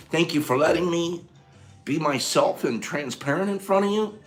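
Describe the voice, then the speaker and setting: A man hosting a casual livestream, emotional and animated, swinging from loud bursts to soft, choked-up murmurs. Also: fairly high pitch, normal speed, soft background music. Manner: emotional, gets choked up and clears his throat. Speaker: livestream host.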